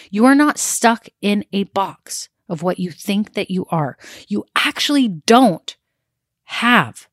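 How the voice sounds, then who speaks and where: A woman's voice: mid-range voice, dry recording, studio quality. A woman in her thirties giving a direct, conversational motivational talk as a business coach, with frequent "like"s. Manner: direct, rapid, conversational, uses "like" often.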